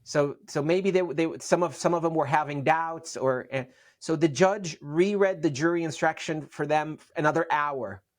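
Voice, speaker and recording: A man's voice: a little high, normal speed. Earnest middle-aged man. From Syria. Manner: earnest, repeats and restarts words. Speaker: guest. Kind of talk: interview storytelling.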